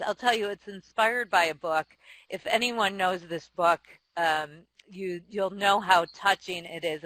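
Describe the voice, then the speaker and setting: A woman in her forties, a company chief and author, answering interview questions with frank, self-deprecating stories, quick laughs and restarts. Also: mid-range voice, sharp tone, dry recording, rough recording. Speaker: company CEO and author, guest. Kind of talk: candid interview storytelling.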